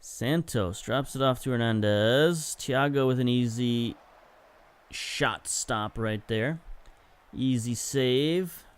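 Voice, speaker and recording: Slow and clean in tone, a young man hosting a gaming video chats his way through highlights of a football management game. His play-by-play turns excited at chances, and he corrects himself along the way.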